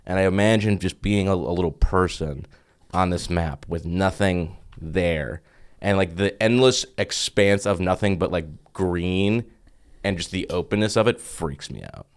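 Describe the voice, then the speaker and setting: A man in a casual podcast chat, talking in a halting way and searching for his words. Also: low voice, smooth. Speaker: podcast co-host.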